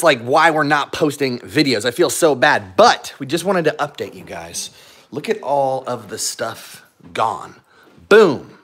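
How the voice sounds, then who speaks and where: A channel host with a high voice runs a casual live stream vlog from home, moving between the indoors and the garage with his dogs. He's upbeat and chatty, talking straight to viewers and laughing often, with background noise audible.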